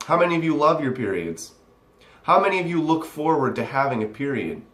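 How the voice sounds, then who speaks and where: A man's voice: fairly high pitch, big pitch swings, brisk, fairly bright tone. Young man, sarcastic, profane rant, rambling, echoey room. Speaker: vlogger. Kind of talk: ranting commentary reacting to a text.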